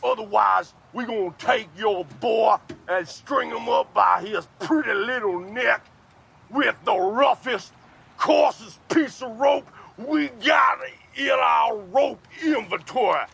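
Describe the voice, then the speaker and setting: A man's voice: very high-pitched, slow, creaky, fairly bright tone, a little hiss or hum, full character voice. An actor playing a bumbling man who fakes a hokey Southern kidnapper drawl and rambles through his threats. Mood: threatening. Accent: put-on Southern US. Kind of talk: film comedy scene.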